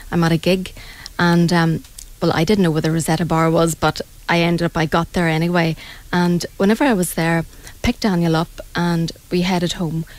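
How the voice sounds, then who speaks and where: A middle-aged woman with a Northern Irish accent, an angel reader telling a story in a radio interview in an animated, dramatic way. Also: lowish voice, normal speed, poor audio. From Northern Ireland.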